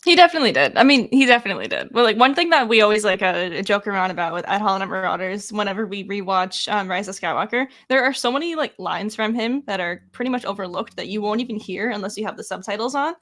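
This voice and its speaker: A woman hosting a podcast interview, chatty and upbeat, quick to laugh. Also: mid-range voice, animated, fairly bright tone. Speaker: podcast host. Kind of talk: casual interview chat.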